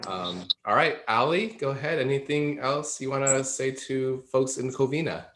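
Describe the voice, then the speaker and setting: A man's voice: medium pitch, normal speed, fairly bright tone. A man hosting a livestream panel, upbeat and a little jokey, passing the word to each guest. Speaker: host.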